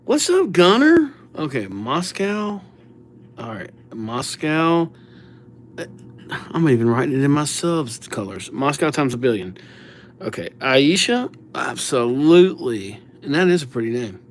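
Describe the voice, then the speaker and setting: A man's voice: medium pitch, lively intonation, measured pace, a little hiss or hum. A man chatting casually on a live stream, reading out viewers' names as he writes them and thanking subscribers. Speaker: livestreamer writing viewers' names.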